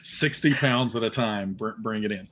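A man's voice: on the low side, moderate pace, a bit bright. A man playing a tabletop game, describing his character's actions hesitantly with many fillers. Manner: hesitant, filler-heavy narration.

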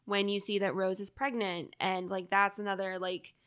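A woman's voice: mid-range voice, flat delivery, moderate pace, a bit bright, clean tone. A young woman in casual chat, talking through a film reading thoughtfully, with many "like"s and some swearing. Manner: thoughtful, analytical, fillers "like", occasional swearing. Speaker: podcast co-host discussing a film.

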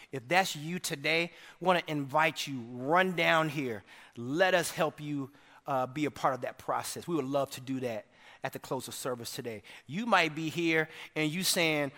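A man preaching to his congregation, his voice pitched a little high and ringing bright and forceful. He swings from shouts to near-whispers and keeps checking in with the room. A long church reverb trails every phrase. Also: moderate pace. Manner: dynamic preaching, swinging from shouts to hushed lines. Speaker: pastor. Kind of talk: sermon. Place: church sanctuary.

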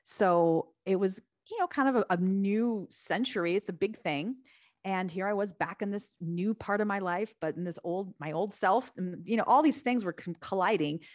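A woman guest on a podcast, telling her own story in a chatty, animated way and sometimes acting out other people's voices. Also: medium pitch, normal speed, no room sound, clean studio sound. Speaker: podcast guest, author and Bible teacher. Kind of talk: casual storytelling.

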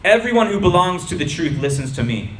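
A man voicing a calm, dignified male prisoner in a slow, measured, solemn way. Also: on the high side, slight background noise. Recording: roomy hall with faint ambience.

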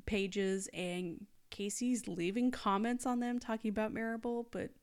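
A woman's voice: medium pitch, fairly even intonation, measured pace, smooth. A young adult woman hosting a casual true-crime chat, telling the story with sarcastic asides. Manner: storytelling, sarcastic asides, quotes people in mock voices. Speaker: podcast host.

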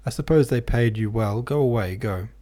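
A man's voice: mid-range voice, normal speed, dark tone, natural voice. A man reading aloud, voicing a distressed, pleading middle-aged German landlady in a storybook. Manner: pleading, anxious.

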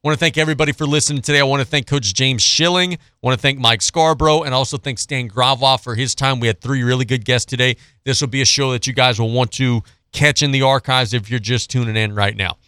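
In a dry, clean studio recording, a man hosting a sports radio show speaks quickly with few pauses, his mid-range voice sharp yet smooth and fairly even in intonation. His monologue is a blunt, sarcastic rant about a football team, followed by his betting picks.

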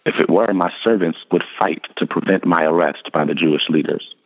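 A man reading the measured, solemn lines of a calm teacher on trial. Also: low-pitched, highs cut off.

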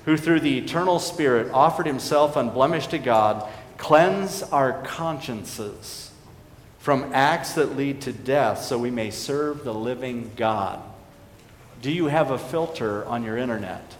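A man delivering an earnest sermon in a church sanctuary, his voice ringing with a long, echoey hall reverb. He swings between emphatic declarations and hushed, solemn asides, over a faint hiss of background noise. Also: mid-range voice, measured pace. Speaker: pastor.

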